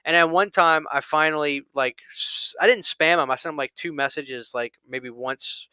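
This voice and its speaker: A man's voice: fairly high pitch, normal speed, sharp tone, clean tone, dry recording, clean studio sound. A man hosting a casual chat, telling a long story with many restarts and quoted lines. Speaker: channel host.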